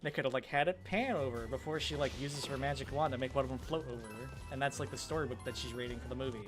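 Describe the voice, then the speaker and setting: A man co-hosting a gameplay stream talks in a loose, meandering way, laughing often and swearing without a second thought. His voice sits in a middle pitch. Faint music plays underneath. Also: fast. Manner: rambling, chatty, laughs often, swears casually. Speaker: co-host of a game mod dev stream. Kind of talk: casual let's-play commentary.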